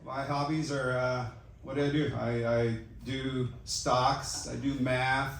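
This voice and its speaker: A middle-aged man doing a stand-up comedy set, delivering deadpan self-mocking one-liners. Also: medium pitch, slow pace. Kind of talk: open-mic stand-up set. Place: comedy club stage with audience. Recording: echoey club from far off, loud noise. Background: audience laughter.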